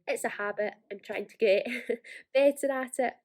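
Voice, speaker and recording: A young woman with an Ayrshire Scottish accent, talking quickly and chattily through a casual planner walkthrough. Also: on the high side, darkish tone. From Scotland. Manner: fast, chatty, self-deprecating. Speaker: planner vlogger.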